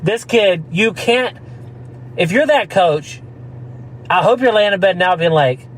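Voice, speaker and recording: A man, somewhat high-pitched for a man, tells a rambling story in easy podcast chat, laughs as he goes and drops into quick mock voices of the people in it. A faint hum sits behind him in the room. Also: expressive, rough recording. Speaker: podcast co-host. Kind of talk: casual chat.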